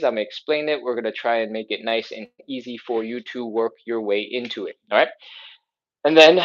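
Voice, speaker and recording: A man's voice: medium pitch, muffled recording. A man coaching a live follow-along stretching workout, chatty and upbeat, with playful exclamations as he explains each move. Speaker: stretching instructor.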